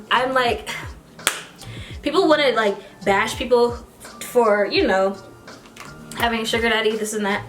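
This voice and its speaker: A young American woman, a beauty vlogger, shares a get-ready-with-me storytime while doing her makeup. Her medium-pitched voice is casual and animated, with bursts of excited squealing.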